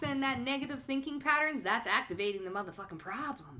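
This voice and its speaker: A woman doing a casual spoken card reading, blunt and sassy, swearing freely and calling the listener honey and baby, jumping from low asides to loud outbursts. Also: fast talker. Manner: blunt, sassy, peppered with swearing and pet names; emphatic, swings between low asides and loud bursts. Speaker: psychic card reader.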